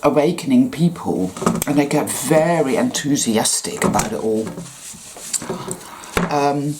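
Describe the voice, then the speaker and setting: A woman's voice: a bass voice, animated, measured pace, noisy background. A woman giving a casual monologue as a spiritual vlogger, blunt, profane and sarcastic.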